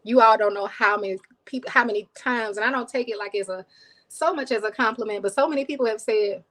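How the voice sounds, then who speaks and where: Talking fast in a slightly high, fairly bright voice, a cooking channel host chats with her live stream viewers, thanks them by name, and laughs often. The recording is rough, and people find her voice soothing.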